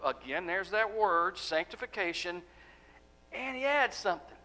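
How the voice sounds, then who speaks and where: Male pastor, bright and slightly high voice, emphatic sermon delivery with hushed phrase endings. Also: big pitch swings, normal speed, rough recording. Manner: emphatic, rhetorical questions, drops to soft endings.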